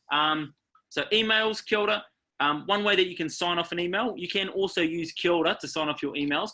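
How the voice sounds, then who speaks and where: A man's voice: a little high, sharp tone. Upbeat New Zealand man giving a talk. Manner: upbeat, coaching, often checking in with "okay?". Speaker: workshop presenter. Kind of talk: online workshop talk.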